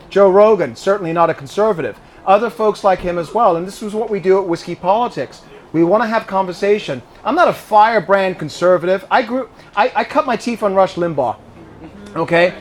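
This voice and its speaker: Higher-voiced man in his fifties fielding questions. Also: a little hiss or hum. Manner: conversational, repeats words when starting sentences. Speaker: speaker answering audience questions. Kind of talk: speech with audience Q&A. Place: living room of a private home with an audience.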